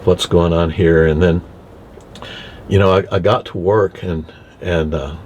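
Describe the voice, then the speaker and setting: A veterinarian telling a heartfelt personal story from inside his car, halting and restarting as he speaks. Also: deep voice, steady tone, a little mellow, highs cut off, a little hiss or hum. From Texas. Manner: halting, with many restarts and repeated words. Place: inside a car, window open.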